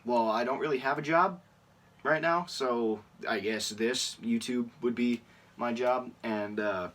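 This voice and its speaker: A man's voice: mid-range voice, unhurried, a bit bright, far from the mic. A teenage boy answering questions in a casual vlog, rambling with lots of fillers and laughing at himself. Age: teens. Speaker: YouTuber.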